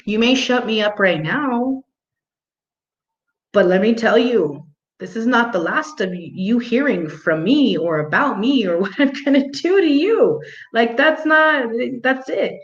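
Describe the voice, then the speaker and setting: A woman's voice: a little high, expressive, slow pace. A young adult woman telling a story in a casual monologue, blunt and profane, laughing now and then. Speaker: vlog host. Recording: roomy, muffled home recording.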